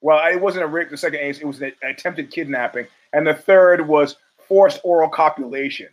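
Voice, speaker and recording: A man's voice: on the high side, a little fast, low-quality recording. A man hosting a podcast, delivering a blunt, profane, riffing monologue of opinionated sports commentary. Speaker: podcast host.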